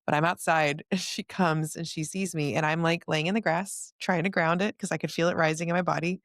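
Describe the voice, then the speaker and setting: A woman hosting a podcast, telling a personal story in a lively, casual way with frequent laughter. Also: low voice, a little fast, dry recording, clean studio sound. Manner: animated storytelling, laughs often. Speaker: podcast host. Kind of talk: casual conversation.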